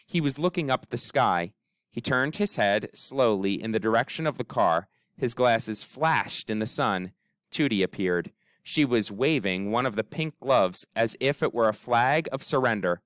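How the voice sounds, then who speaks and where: Animated male storybook reader. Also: mid-range voice, smooth, no room sound, clean studio sound. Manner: expressive, animated reading with character voices. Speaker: audiobook narrator. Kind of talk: storybook read-aloud.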